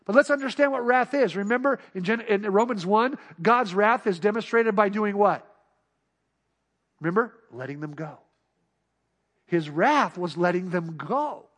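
High-voiced preacher swinging loud to hushed. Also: male voice, expressive, a little slow. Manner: swings from loud emphatic cries to hushed, near-whispered passages; acts out God's voice and the listener's inner doubts. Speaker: pastor. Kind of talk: sermon.

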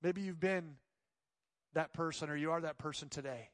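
Male pastor, higher voice, dry close sound, animated sermon storyteller who acts out quotes. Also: moderate pace, dry recording. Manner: drops to soft pleading tones.

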